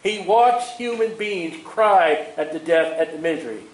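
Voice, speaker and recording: A man preaching a sermon in an animated way, chuckling at his own asides. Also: sits high, measured pace, echoey room, slight background noise, rough recording.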